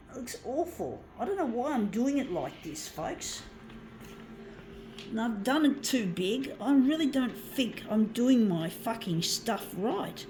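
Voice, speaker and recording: A woman's voice: mid-range voice, background noise. A woman, talking to viewers in a rambling, casual vlog monologue while she works on her art, swearing often and calling them folks. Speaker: artist vlogger.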